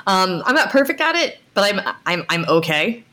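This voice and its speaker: A woman's voice: medium pitch, sing-song, normal speed, bright, forceful tone. An American woman co-hosting a podcast, chatting casually with frequent restarts and laughs. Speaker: podcast co-host, game designer. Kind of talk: casual chat.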